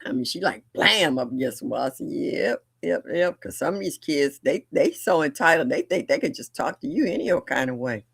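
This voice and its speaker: An older woman hosting a livestream, chatting casually and bluntly, telling family stories with animated delivery and laughter. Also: low-pitched, brisk, creaky, hardly any pauses, breathy edge, no echo, clean studio sound. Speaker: livestream host. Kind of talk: casual storytelling chat.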